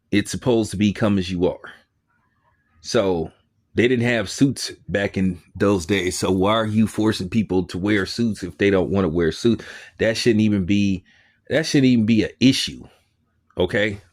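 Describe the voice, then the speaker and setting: A man with a fairly low voice talks in a loose, conversational way, like an informal commentary show. He tells his story with energy and acts out the remarks of others as he goes. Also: a little slow. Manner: conversational, animated storytelling with quoted asides. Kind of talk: casual spoken commentary.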